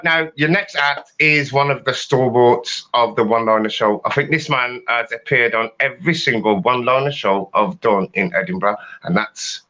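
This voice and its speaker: A man's voice: fairly high pitch, a bit bright. A man hosting a comedy night, introducing acts in a chatty, self-mocking way. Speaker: host. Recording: dull lo-fi sound.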